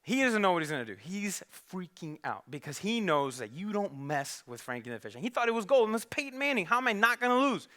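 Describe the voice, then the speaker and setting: A man's voice: sits high, fast, hardly any pauses. A man preaching a sermon, telling a story in a conversational way and acting out the characters. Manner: animated, conversational, acts out characters. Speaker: pastor. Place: church.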